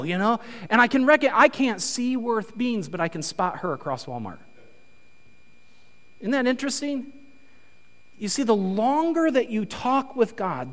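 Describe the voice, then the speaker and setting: A male pastor giving a conversational, animated sermon in a church. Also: high-pitched. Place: church sanctuary. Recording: reverberant church hall.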